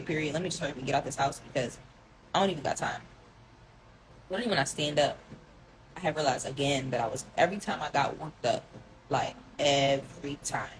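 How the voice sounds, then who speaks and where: Young woman w a low voice spilling a long story, rambly, tons of "like", talks to y'all, little hiss behind. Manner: rambling, heavy filler "like", emotional, addresses viewers as y'all. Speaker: storyteller recounting a relationship. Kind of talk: casual confessional storytelling.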